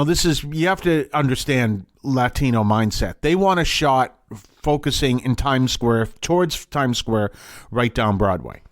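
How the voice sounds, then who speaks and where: Podcast guy rambling through a story, bit higher voice, super dry close sound. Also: a bit bright, no room sound. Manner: rambling, with restarts and chuckles. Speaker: podcast host. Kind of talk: casual storytelling.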